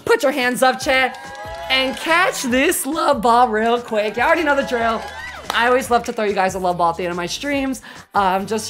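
A woman's voice: fairly high pitch, fairly bright tone. A woman streamer ending her live stream with a long, affectionate, rambling sign-off to her chat, swearing casually.

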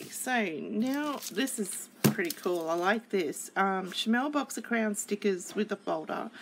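Slow-talking woman with a gravelly voice. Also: medium pitch, slight background noise, rough recording. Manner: gushing and chatty, with many fillers. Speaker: craft kit reviewer. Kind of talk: casual unboxing chat.

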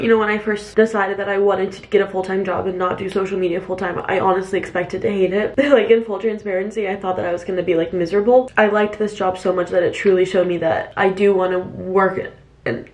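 Tearful, halting young woman, roomy echo. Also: mid-range voice, darkish tone, far from the mic. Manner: halting, hesitant, full of fillers and restarts. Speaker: lifestyle vlogger. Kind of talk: confessional vlog talk.

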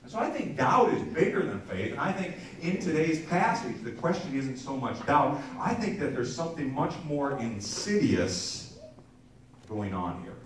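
A man's voice: medium pitch, big pitch swings, normal speed. A male pastor giving a conversational sermon to his congregation, often repeating words and restarting phrases and turning to listeners with asides. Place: church sanctuary. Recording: echoey church from a distance.

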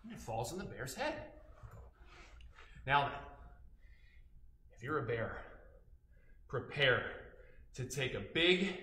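Animated male children's storyteller, roomy. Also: medium pitch, slow, pauses often. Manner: animated, sound effects and sung noises. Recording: roomy echo.

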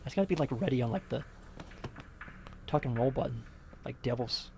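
A man's voice: mid-range voice, expressive, fairly quick, vocal fry, a little mellow, a little hiss or hum. Jittery young man narrating a horror game. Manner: nervous, rambling, muttering. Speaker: let's play host. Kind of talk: casual gameplay commentary.

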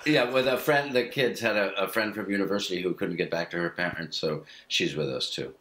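An American man in his fifties, chatting over a video call from his home studio, laid-back, self-mocking and quick to laugh. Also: sits low, a bit bright. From United States. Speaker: guest actor. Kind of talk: casual chat.

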